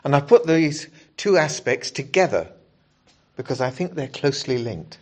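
A male preacher delivering a sermon. He explains scripture in a measured, earnest way, pausing to read whole passages aloud to his congregation. His voice sits at an ordinary middle pitch for a man. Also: lively intonation, darkish tone. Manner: measured, earnest Bible exposition with scripture readings.

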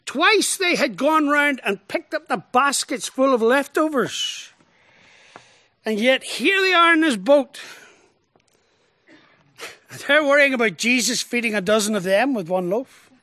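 A man preaching a sermon as pastor, expressive, with rhetorical questions, swinging from emphatic lines to hushed ones. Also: extremely high pitch, measured pace, long pauses, dry recording.

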